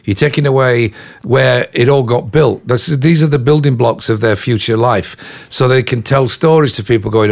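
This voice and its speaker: An English man in his fifties tells road stories in a loose, chatty interview, piling on asides and "you know"s. His voice has a gravelly, fried edge at a middling pitch. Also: moderate pace. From England. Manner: chatty, animated anecdotes full of "you know". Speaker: rock musician guest. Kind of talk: casual interview storytelling.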